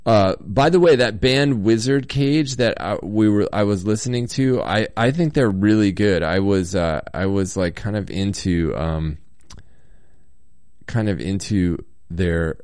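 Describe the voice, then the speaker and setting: Low-voiced man rambling with a slight cold. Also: darkish tone, smooth, no room sound, clean studio sound. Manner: rambling, halting, many ums and chuckles. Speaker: podcast host reading listener comments. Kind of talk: casual solo chat. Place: hotel room.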